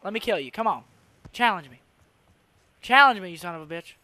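A young man giving casual commentary over his own gameplay, excitable, swearing a lot and laughing between rants. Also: a little high, fast talker, a little hiss or hum. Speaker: gaming YouTuber.

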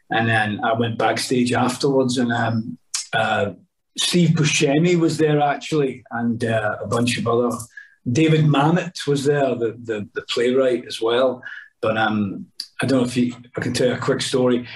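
A man's voice: mid-range voice, fairly even intonation, measured pace. A middle-aged Scottish man, an actor, telling rambling anecdotes on a podcast, with lots of restarts and asides. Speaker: actor guest. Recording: voice a bit distant from mic.

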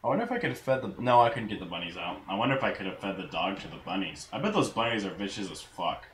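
A man casually commentating a video game, crude and heavy on the swearing, who breaks into sudden loud outbursts. His voice sits on the low side. The recording is roomy and echoey, with faint noise underneath. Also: expressive, racing. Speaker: let's play gamer.

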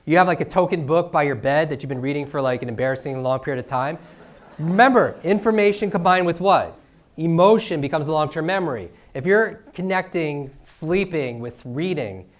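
Man, middle-aged, energetic seminar talk, constant "right?", rather high-pitched. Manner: rhetorical questions, frequent "right?". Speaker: speaker teaching speed reading. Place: room with a live audience.

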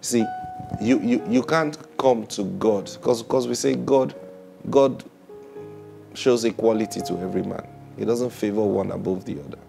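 Gravelly preacher man with soft music behind. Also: moderate pace. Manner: emphatic, rises to loud high peaks on key lines; laughs often between points. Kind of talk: sermon.

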